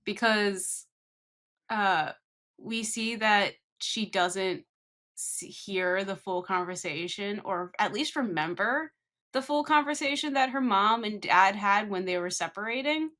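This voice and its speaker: Young woman podcast co-host, bright voice, calm and thoughtful, mid pitch. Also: unhurried. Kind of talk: casual chat.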